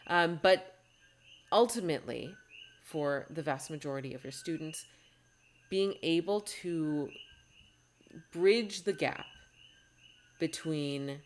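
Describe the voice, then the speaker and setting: A woman's voice: deep voice, slight background noise. A woman hosting a podcast as a test-prep coach, talking in a heartfelt, encouraging way and often restarting her sentences. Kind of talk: earnest podcast monologue.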